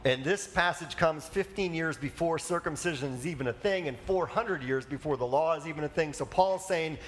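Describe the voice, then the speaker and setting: A man's voice: on the high side, normal speed, a little hiss or hum. A man preaching a conversational sermon as a pastor, casual and chatty, with asides and fillers.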